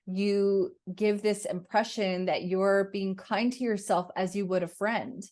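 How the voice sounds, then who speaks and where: A woman's voice: medium pitch, fairly even intonation, measured pace, darkish tone. A woman hosting a podcast, chatting reflectively and asking her guest questions, with plenty of fillers. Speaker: podcast host. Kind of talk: conversational interview.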